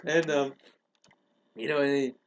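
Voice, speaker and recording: A young man tells a story on a podcast in a loose, conversational way. He lets his pitch sit in a middle range. He acts out quoted lines as he goes. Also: steady tone, a little slow, a little hiss or hum. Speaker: podcast host. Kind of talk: casual storytelling chat.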